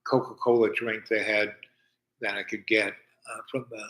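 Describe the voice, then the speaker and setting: An older man from New York telling a long personal story in a halting way, full of fillers and restarts. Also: fairly low pitch, flat delivery, a bit bright, poor audio. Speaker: storyteller host. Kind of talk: rambling personal anecdote.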